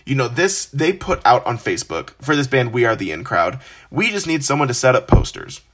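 A young man hosting a podcast, telling a personal story in a casual, animated, self-deprecating way. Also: mid-range voice, fairly quick. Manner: animated, self-deprecating, acts out quoted voices. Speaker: podcast host.

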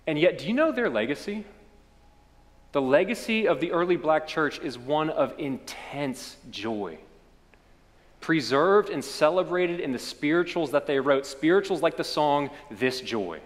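Kentucky preacher in a reverberant sanctuary. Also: male voice, a little high, animated, measured pace. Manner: storytelling preacher, swells then drops to quiet. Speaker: pastor. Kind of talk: sermon.

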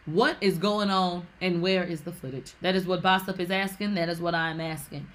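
A woman hosting a gossip show, talking in a casual, animated and profane way with sassy asides. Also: on the low side, normal speed, few pauses.

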